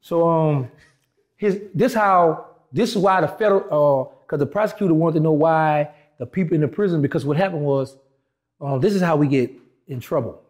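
A man with a slightly high voice speaks at a moderate pace as a guest in a casual interview. He tells a long story with animation, acting out the dialogue of the people in it and shifting voices for each quote.

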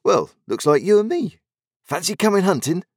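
A man's voice: high-pitched, sing-song, normal speed, no echo, studio quality, pitched above the performer's own voice. A man voicing a cheerful, freckled pirate boy who talks in a cheeky, breezy way. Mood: cheery.

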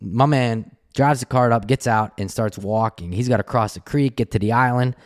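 A man hosting a podcast tells a story in a casual, lively way, laughing often. His voice is medium in pitch and moves at a normal speed.

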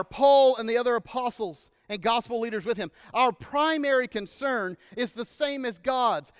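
A man's voice: very high voice, a bit bright, clean tone, no echo, clean studio sound, big-room sound. A man with a Texan accent preaching a sermon as pastor, conversational with casual asides and repeated phrases, in a church sanctuary. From Texas.

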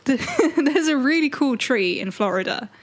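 A woman's voice: high voice, moderate pace. Chatty woman with a raised voice. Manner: laughs often, chatty and animated. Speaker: podcast co-host. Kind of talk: casual chat.

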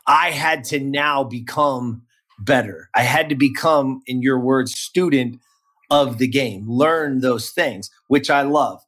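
A man's voice: mid-range voice, slow, fairly bright tone. A man hosting a podcast interview, enthusiastic and hype-building, often repeating words as he talks. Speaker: podcast host.

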